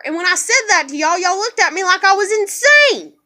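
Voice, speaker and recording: A woman's voice: very high-pitched, lively intonation, brisk, hardly any pauses, bright, forceful tone. A young woman venting in a personal vlog, profane and exasperated as she rants. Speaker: vlogger.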